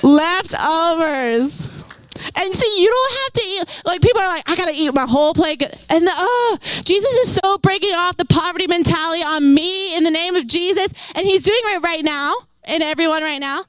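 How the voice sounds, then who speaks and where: A young woman preaching a lively, conversational sermon, laughing often and talking with casual fillers. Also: very high voice, fairly quick, few pauses, dry recording, poor audio.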